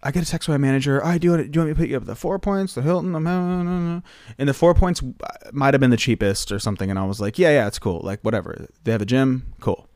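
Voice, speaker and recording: A man's voice: mid-range voice, fast talker, darkish tone, dry recording. Male singer guest, chatty filler-heavy storyteller, close dry mic. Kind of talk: casual anecdote telling.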